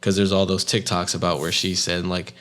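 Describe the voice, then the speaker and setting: A man's voice: sits low, level tone, fairly quick, a bit bright. A man co-hosting a podcast, chatting casually with laid-back slang and frequent laughter. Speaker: podcast co-host. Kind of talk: casual chat.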